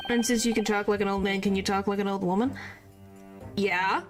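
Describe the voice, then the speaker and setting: A woman's voice: mid-range voice, steady tone, brisk, music in the background. A woman streamer chatting casually and giggling while she reads game dialogue aloud into a streaming microphone. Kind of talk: casual game commentary with character line reading.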